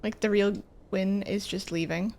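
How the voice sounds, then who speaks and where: Gravelly-voiced woman streaming a game. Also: medium pitch, fairly even intonation, measured pace, a little mellow. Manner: chatty, self-mocking, talks to herself. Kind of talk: casual gameplay commentary.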